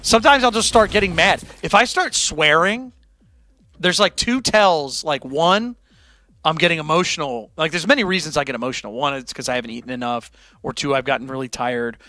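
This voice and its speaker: A man's voice: a little high, brisk, pushed and bright. A man hosting his own music livestream, chatting candidly and self-deprecatingly with his audience in a rambling way. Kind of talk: casual chat to a live audience.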